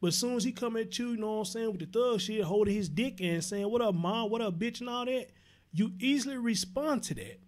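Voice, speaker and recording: Brief: male call-in host, high-pitched, blunt, profane. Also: animated, brisk. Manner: blunt, profane, laughs loudly. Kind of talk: casual call-in radio talk.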